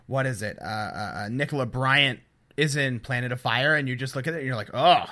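A man with a bright, forceful voice co-hosts a casual podcast. He rambles in a dismissive tone and leans on "I mean" and "like" while he gathers his thoughts. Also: medium pitch, brisk. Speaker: podcast co-host.

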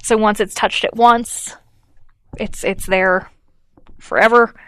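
A woman's voice: medium pitch, fairly even intonation, slow pace, fairly bright tone, dry recording. A woman co-hosting a podcast, telling a story in a chatty way with lots of fillers and acted-out quotes. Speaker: podcast co-host. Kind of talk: casual chat.

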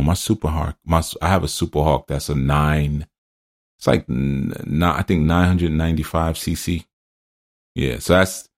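A man hosting a spiritual teaching podcast, drifting into loose personal stories and laughing at himself. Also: a bass voice.

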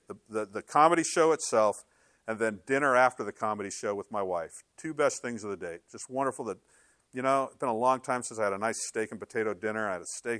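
A middle-aged male pastor preaching a sermon in an animated, conversational way, slipping into sarcastic quoted asides. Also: on the low side, no room sound, studio quality.

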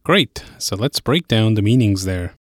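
A man hosting an audio language lesson, explaining words in a clear, steady way and slowing down on key phrases. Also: fairly low pitch, dry recording, studio quality.

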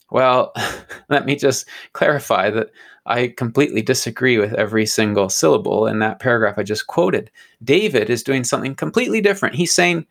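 Read this as a man explaining scripture to a co-host in a relaxed, earnest way. His voice has a gravelly edge, and he sometimes trips over small words and repeats them before going on. Keep it sincere and unhurried, like teaching someone across the table. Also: medium pitch. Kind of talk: conversational Bible teaching.

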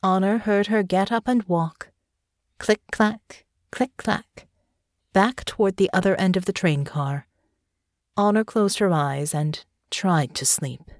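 A woman narrating a fantasy audiobook in an expressive storytelling manner. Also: mid-range voice, unhurried, dry recording, studio quality. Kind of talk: scripted fiction narration.

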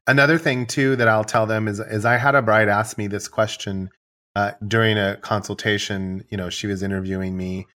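A man's voice: on the low side, moderate pace. A man, a wedding photographer, chatting casually and rambling through stories, acting out what he tells his couples. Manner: relaxed, rambling storyteller who acts out his own dialogue. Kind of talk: casual podcast conversation.

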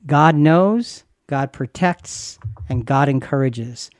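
A man's voice: on the high side, lively intonation, normal speed, darkish tone, faint music behind. A man who is a pastor and podcast host, talking earnestly and reassuringly about faith, repeating phrases for emphasis. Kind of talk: conversational Christian podcast teaching.

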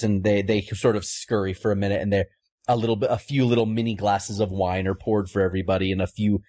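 A man's voice: lowish voice, level tone, fast talker, mellow. A man narrating a tabletop game as game master, hesitant with many restarts.

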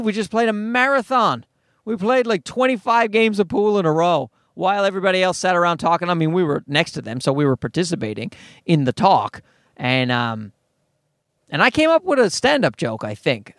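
Profane rambling podcast host, lively pitch. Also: male voice, dry recording, clean studio sound. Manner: profane, rambling, self-mocking. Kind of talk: casual solo podcast monologue.

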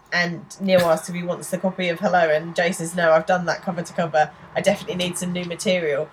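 A woman with a fairly low voice chats on a podcast, retelling a TV episode with her co-host. She talks loosely, trailing off and restarting her thoughts. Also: slight background noise. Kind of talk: casual chat.

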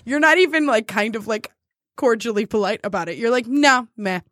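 A woman's voice: fairly high pitch, expressive, a little fast, a bit bright, dry recording, clean studio sound. A woman co-hosting a podcast, bantering and teasing her friend in casual chat, laughing often. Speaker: podcast co-host. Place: studio.

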